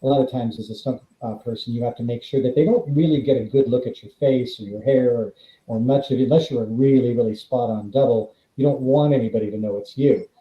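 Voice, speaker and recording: He's a middle-aged man who used to do stunts, talking fast in a mid-range voice as a podcast interview guest. The sound is roomy and dull, and he animates his anecdotes by acting out quoted lines.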